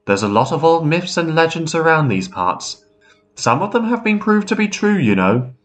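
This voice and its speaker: A man's voice: a little high, sing-song, moderate pace, fairly bright tone, pitched above the performer's own voice. A man voicing a cautious, nervous young man in a spoken ghost story. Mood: uneasy.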